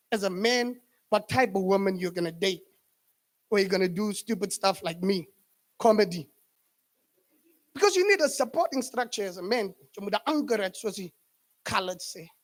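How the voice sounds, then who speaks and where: Give me an animated young Namibian man performing stand-up comedy, fairly high voice. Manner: animated, laughing at his own jokes.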